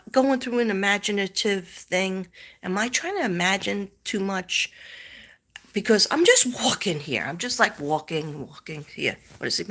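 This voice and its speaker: A woman's voice: medium pitch, a bit bright. A middle-aged woman chatting casually on a live stream as a psychic host, rambling as she retells a story.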